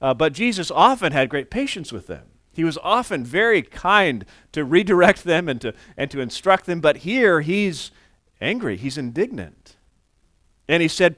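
Pastor guy in his 40s preaching, kinda high voice, talks casual, dry close mic. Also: animated, moderate pace, a bit bright, no room sound. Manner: conversational, repeats words when restarting, acts out quoted voices. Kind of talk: sermon.

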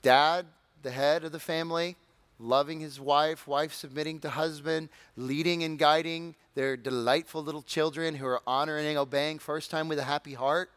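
A man preaches in a lively, conversational way, breaking into jokes and high shouted impressions of eager listeners. His voice sits a bit high for a man. The sound is dry and close, with no room echo. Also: normal speed, clear, resonant tone. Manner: animated, acts out excited congregants in high shouts; conversational, humorous asides. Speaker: pastor. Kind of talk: sermon.

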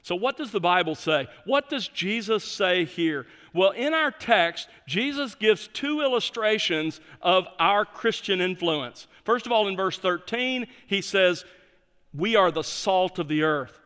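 Male pastor, high-pitched voice, emphatic sermon delivery, reverberant church sanctuary. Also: lively intonation, measured pace, bright, forceful tone, smooth. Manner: emphatic preaching, stresses key words.

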